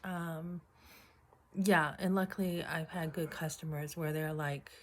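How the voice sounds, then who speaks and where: In an unhurried, casual storytelling vlog, a middle-aged woman recounts an amusing day at work, playing out the quotes in a lively way. Her pitch is somewhat low for a woman, and throat-clearing punctuates her chat.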